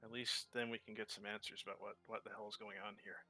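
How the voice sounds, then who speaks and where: An easygoing man chatting as a player in a tabletop game, his voice on the low side and relaxed. Faint music plays under the conversation. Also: fast. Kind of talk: casual chat during a tabletop game.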